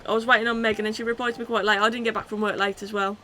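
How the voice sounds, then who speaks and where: A woman livestreaming a football video game, chatting with her viewers and shouting at the match as it plays out. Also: on the high side, rapid-fire, a little hiss or hum. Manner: excitable, shouts at the game, then chats casually. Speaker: gaming streamer. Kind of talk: live game commentary and chat reading.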